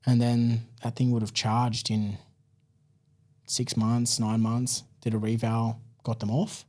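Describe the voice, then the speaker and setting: Australian man, mellow casual storyteller. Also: medium pitch, slow pace. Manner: relaxed, chatty, many fillers like "man" and "like". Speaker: guest.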